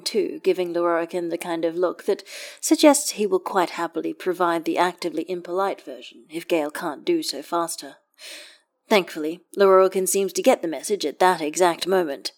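Give me a woman narrating a story in a calm, steady reading voice. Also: lowish voice, moderate pace. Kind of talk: audiobook reading of fan fiction.

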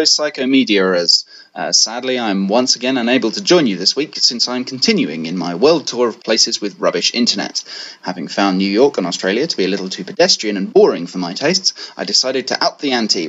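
A man's voice: lowish voice, fairly bright tone, lo-fi sound. A man with a Southern English accent, a podcast co-host in a pre-recorded message, speaking with dry, mock-formal humour. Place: room in a bed and breakfast.

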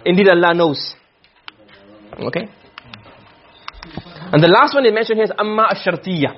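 A man's voice: high-pitched, normal speed, dull audio. A man teaching a class on Arabic grammar, quizzing his students with frequent questions.

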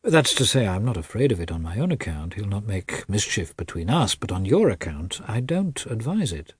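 A lofty, lecturing elder brother, read by a man in a husky voice, talking down with measured weight. The tone rises and falls widely, the delivery slow at times. The sound is close and dry. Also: lowish voice, very animated, no room sound, heavily acted. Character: patronizing elder brother, learned middle-aged man.

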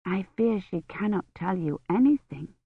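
A woman voicing a gentle medieval noblewoman who speaks softly and carefully. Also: medium pitch, animated, moderate pace, husky, no echo, phone-quality sound. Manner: soft and careful.

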